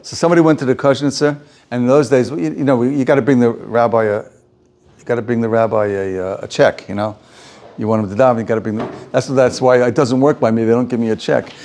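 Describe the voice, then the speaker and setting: A man teaching an informal Torah class as a rabbi, animated, often repeating words and restarting sentences. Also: mid-range voice, quick pace.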